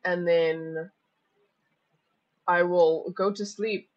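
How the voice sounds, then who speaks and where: Brief: casual young woman streamer, slightly low voice, excitable asides. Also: drawn-out words, muffled recording. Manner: chatty, excitable, joking asides. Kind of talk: casual reaction commentary.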